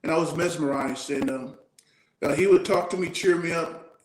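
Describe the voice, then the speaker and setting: A man's voice: a little high, moderate pace, roomy sound, low-quality recording. A man in his sixties, a retired soldier, telling stories from his childhood in an interview, acting out the voices he quotes. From United States. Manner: animated storyteller, acts out quoted voices. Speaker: retired Army Ranger guest. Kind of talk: storytelling interview.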